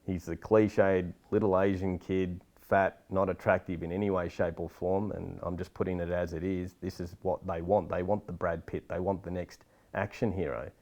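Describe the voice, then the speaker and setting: A middle-aged man gives a casual interview in a very deep, low voice. He talks bluntly, swears now and then and gets animated when he makes a point. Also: fairly quick. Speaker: filmmaker guest.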